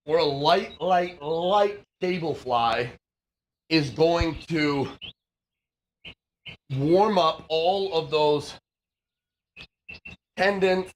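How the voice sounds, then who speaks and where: A high-voiced young man at the gym, swearing freely as he preaches self-improvement. His delivery is intense and forceful, and it swings from fast, clipped jabs to drawn-out shouted lines. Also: slight background noise. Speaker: fitness livestreamer. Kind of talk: motivational rant.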